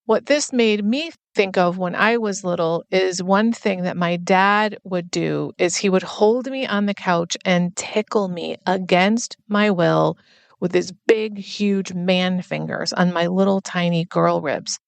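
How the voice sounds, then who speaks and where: A woman's voice: fairly low pitch, a little slow, creaky, clean tone, dry recording. A woman hosting a podcast as a recovery coach, speaking in an earnest, explanatory personal monologue.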